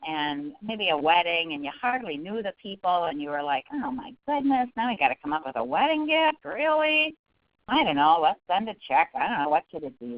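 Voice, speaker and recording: Brief: woman trainer, webinar talk, animated pitch, dry slightly dull audio. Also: dry recording. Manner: lively, folksy, with acted quotes. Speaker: fundraising trainer. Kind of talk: webinar presentation.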